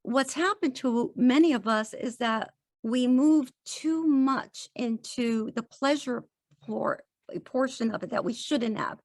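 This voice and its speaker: A woman's voice: a little high, slow, no echo, clean studio sound. A woman guest on a podcast, talking in an earnest, encouraging way and acting out little quotes in conversation. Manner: earnest, encouraging, animated quoting. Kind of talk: casual interview chat.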